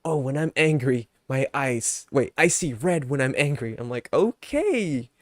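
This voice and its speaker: A man's voice: medium pitch, normal speed, a bit bright, dry recording, studio quality. A young man chatting casually on his live stream, ranting with mock anger at his chat, then laughing and apologizing.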